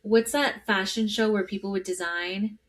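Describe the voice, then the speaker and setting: A woman's voice: mid-range voice, steady tone, moderate pace. A woman co-hosting a podcast in casual chat, talking with lots of fillers and often overlapping her co-host.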